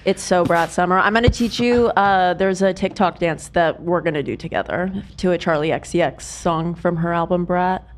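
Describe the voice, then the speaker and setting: A woman's voice: fairly low pitch, normal speed, hardly any pauses, slight background noise. A woman on a podcast crew, chatting playfully and teasing her co-hosts. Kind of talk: casual podcast banter.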